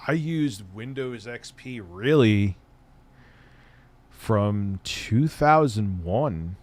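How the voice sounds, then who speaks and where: A man's voice: fairly low pitch, lively intonation, drawn-out words. A middle-aged man hosting a live stream, chatting loosely and rambling, with casual swearing. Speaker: streamer host.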